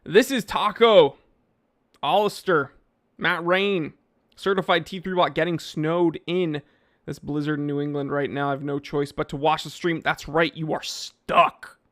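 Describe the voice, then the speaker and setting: A man hosting a casual live stream, reading viewer names and chatting in an animated way, with frequent fillers and restarts on a microphone he sometimes bumps. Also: fairly high pitch, moderate pace. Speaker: livestream host answering chat.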